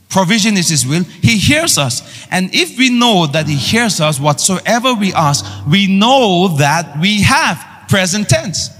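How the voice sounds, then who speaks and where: Animated preacher man in a reverberant hall. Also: sits high. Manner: emphatic, call-and-response preaching. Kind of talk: sermon. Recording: long hall reverb with faint music.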